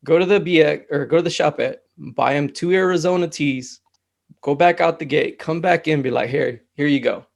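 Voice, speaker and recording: Laid back guy chatting in an interview, bit of a gravelly edge, lots of um and you know. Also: fairly high pitch, moderate pace. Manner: relaxed, storytelling, lots of fillers. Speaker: mental health technician guest. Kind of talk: casual conversational interview.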